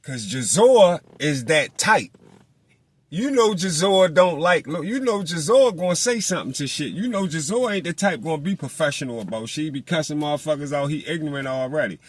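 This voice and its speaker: A man's voice: a little high, no echo. Guy with going off about boxing, cussing, dry close sound. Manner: animated, profane, mocks people in put-on voices. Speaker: boxing commentator. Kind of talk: casual monologue.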